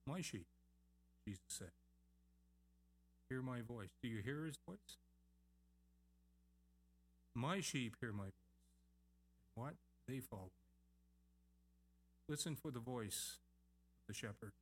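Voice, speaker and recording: A middle-aged male pastor preaching a sermon, emphatic and repeating key phrases, with lively asides to the congregation. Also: mid-range voice, a little slow, long pauses, husky.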